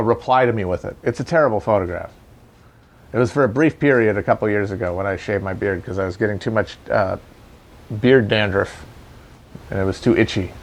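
A man hosting a casual, rambling political commentary, sardonic and profane. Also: medium pitch. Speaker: commentator host.

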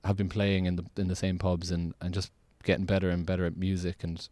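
Rambling Irish man, low voice. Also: flat delivery, brisk, darkish tone, no echo. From Ireland. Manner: rambling, many restarts and "like" fillers. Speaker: podcast host. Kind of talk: casual podcast chat.

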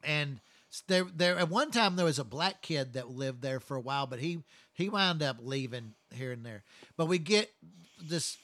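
A man's voice: a little high, lively intonation, moderate pace, pushed and bright, no room sound. A man telling long, profane stories from his work as a first responder in a casual chat. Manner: profane, rambling, blunt.

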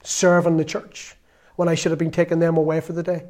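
A man's voice: a little high, monotone, fairly quick. Earnest conversational preacher in his fifties. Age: 50s. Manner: earnest, conversational, dropping to soft confession. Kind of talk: sermon.

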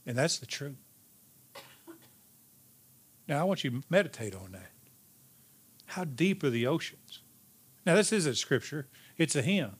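A man preaching a sermon as pastor, emphatic, rising in pitch and then dropping to a hushed, slow delivery. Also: sing-song, slightly rough. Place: church sanctuary.

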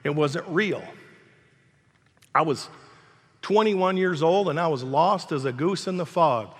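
A man's voice: fairly high pitch, a little slow, slightly rough, big-room sound. An older man preaching a sermon as pastor, emphatic and repetitive, in a church sanctuary.

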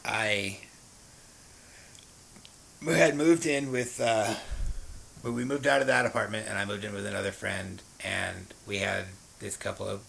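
A man's voice: on the low side, steady tone, a little slow, vocal fry, pauses often, fairly bright tone, slight background noise, rough recording. A man frankly telling the story of his past drug use, rambling with fillers and restarts. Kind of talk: candid personal storytelling.

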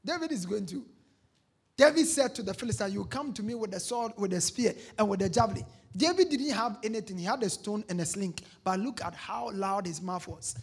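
A preacher with a husky, breathy voice works through scripture in a sermon. The delivery swings from quiet, low lines to sudden shouts, with phrases repeated for emphasis. The preacher keeps calling on the congregation to answer back. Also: lively intonation, a little fast. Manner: call-and-response with the congregation; reads scripture aloud and repeats key phrases.

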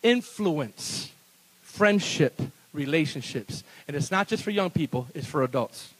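A man preaching a sermon as pastor at a church service, animated and playful, breaking into laughs between bold declarations. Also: fairly high pitch, unhurried, husky, low-quality recording.

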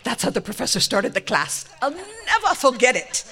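A woman's voice: sits high, sing-song, normal speed, fairly bright tone, voice pushed up, heavily acted. A woman voicing her earnest, formal Nigerian husband, who talks in grand, stately phrases. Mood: grandly proud.

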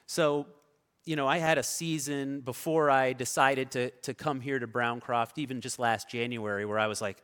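A male pastor delivers a sermon in a relaxed, storytelling manner, his voice moving between soft asides and louder bursts. His pitch sits mid-range for a man. The sound carries the long reverb of a big church hall. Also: normal speed, smooth. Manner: conversational storytelling, varying loud and soft.

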